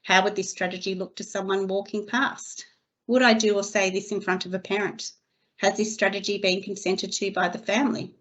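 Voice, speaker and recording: A woman narrates a training webinar, her delivery steady and measured as she reads from prepared slides. Her voice sits at a middling pitch. The recording is a little dull and lo-fi. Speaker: early childhood educator trainer.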